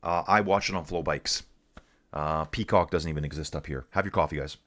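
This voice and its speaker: A man's voice: extremely low pitch, brisk, fairly bright tone. A man from Canada hosting a casual live cycling stream, reading viewer comments aloud and chatting in a laid-back way, calling everyone dude.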